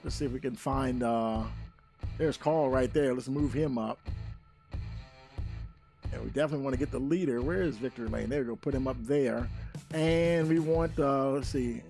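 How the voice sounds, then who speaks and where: A man calling a live sim race as commentator, excitable and loose, with many filler words. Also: mid-range voice, normal speed, pauses often, faint music behind. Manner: excitable, rising sharply at big moments.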